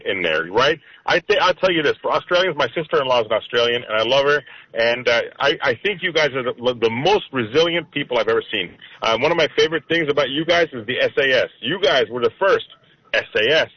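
A man's voice: mid-range voice, slightly rough. Chummy male talk radio host. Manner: casual, chummy, many fillers. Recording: dull, dry radio studio audio.

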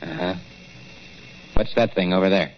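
An actor playing an inquisitive newspaper reporter in a vintage radio drama, asking direct questions. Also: male voice, low voice, fairly even intonation, moderate pace, natural voice. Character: brisk male newspaper reporter. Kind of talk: 1940s radio acting. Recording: dull lo-fi old radio recording with faint hiss.

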